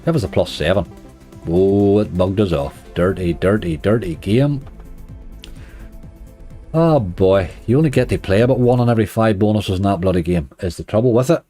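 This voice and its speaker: A low-pitched Northern Irish man with a mellow, relaxed tone gives casual running commentary as a slots streamer. He chats to his viewers and grumbles whenever the game lets him down. Soft music plays faintly behind him. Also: moderate pace.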